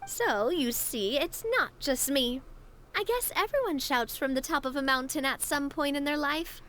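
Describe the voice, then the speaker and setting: Voicing a bubbly, friendly young woman in a video game, the actress speaks high-pitched and fairly bright with lively intonation at a moderate pace, over slight background noise. Her character is cheerful and sociable and addresses people as "partner."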